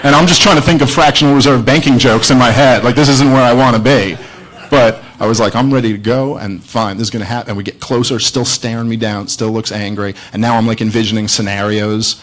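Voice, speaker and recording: A man's voice: medium pitch, fairly even intonation, brisk, fairly bright tone, poor audio. A man doing a stand-up comedy set, rambling and self-mocking as he tells a story to a live audience. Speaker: stand-up comedian opening a debate. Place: live venue with audience laughter.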